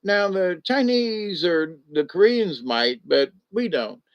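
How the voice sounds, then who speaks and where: A man's voice: high voice, lively intonation, takes it slowly, highs cut off. An older man, talking in a rambling, folksy monologue full of restarts and fillers.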